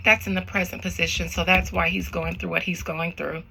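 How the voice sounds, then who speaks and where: Woman tarot reader, gravelly and bright-edged; casual slangy rambling straight to camera. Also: lowish voice, flat delivery, brisk, slight background noise, low-quality recording. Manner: rambling, slangy, talks to viewers directly. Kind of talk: casual spiritual reading vlog.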